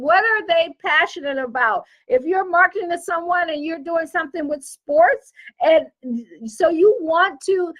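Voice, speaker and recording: High-voiced Southern American woman coaching. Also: low-quality recording. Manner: lively, repetitive, emphatic, self-correcting. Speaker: online business coach. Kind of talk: casual teaching talk to camera.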